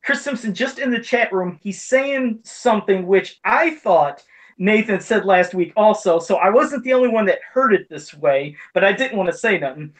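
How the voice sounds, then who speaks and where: A man's voice: high-pitched, animated, moderate pace. Chatty man over-explaining himself. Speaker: podcast co-host. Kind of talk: casual chat.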